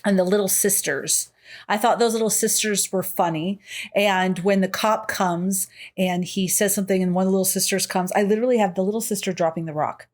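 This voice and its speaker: A woman's voice: mid-range voice, fairly quick. A woman co-hosting a casual podcast, reviewing a horror film, laughing often and acting out lines she liked. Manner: giggly, quotes lines in animated voices. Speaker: podcast co-host. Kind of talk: casual movie review chat.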